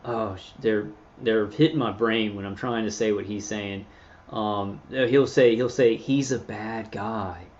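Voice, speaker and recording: A man of middle pitch talks casually to a livestream audience, circling back on his words with fillers and false starts. The sound is muffled and lo-fi, with the top end rolled off. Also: darkish tone. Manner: meandering, halting, many fillers and restarts. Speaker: channel host reading live chat. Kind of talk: rambling casual livestream talk.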